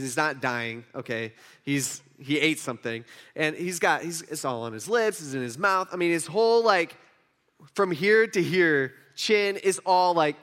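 High-pitched animated preacher man. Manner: animated storyteller, swings from hushed asides to emphatic outbursts. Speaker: pastor. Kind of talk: sermon with personal story.

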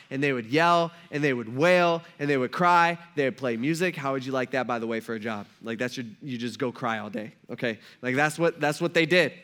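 A man preaching a sermon as a pastor, speaking in a relaxed, slangy way and acting out the characters of the story in everyday talk. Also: medium pitch. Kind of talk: casual conversational sermon.

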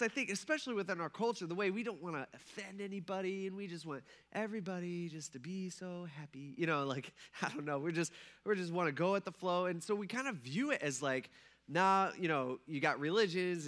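A young man preaching a casual, conversational sermon as pastor, animated and laughing often as he acts out quoted dialogue. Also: high-pitched.

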